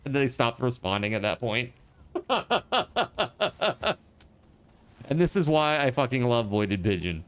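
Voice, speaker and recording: Here a man narrates his survival-game stream casually and with plenty of excitement, his pitch sitting in the middle range. He curses without restraint, yelps in fright, laughs often, and repeats what chatters said using fast, put-on voices.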